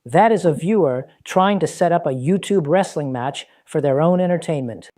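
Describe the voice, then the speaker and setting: A man speaking in a calm, dismissive, explaining way in a monologue from his own channel video. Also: on the high side, normal speed, dry recording, clean studio sound. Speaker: online commentator.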